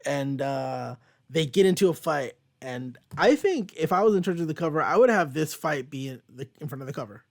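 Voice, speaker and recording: A man's voice: fairly quick, vocal fry. Casual young man reviewing comics. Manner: casual, laughs often, reads quotes in a low flat voice. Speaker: comic book podcast host. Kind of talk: casual chat, reading comic lines aloud.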